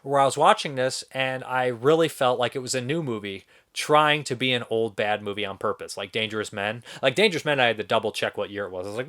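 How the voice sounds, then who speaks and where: A man's voice: mid-range voice, fast talker, few pauses, a bit bright. A young man giving a casual spoken film review, rambling and incredulous, swearing now and then. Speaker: movie reviewer.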